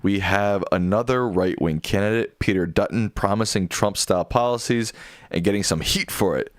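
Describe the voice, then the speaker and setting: A man's voice: on the low side, normal speed, no echo, clean studio sound. A younger man co-hosting a casual live stream, reading viewer questions aloud and joking playfully with his father.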